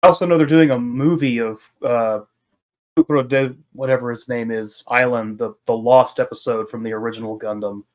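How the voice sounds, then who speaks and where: A man's voice: mid-range voice, fairly even intonation, a little fast. Man explaining with easy enthusiasm. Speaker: tabletop game player. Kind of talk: casual chat between game sessions.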